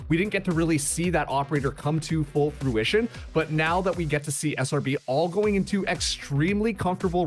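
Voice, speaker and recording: A man at an esports analyst desk explains team strategy in a measured, explanatory way. His voice sits somewhat high for a man. Faint music plays under the broadcast.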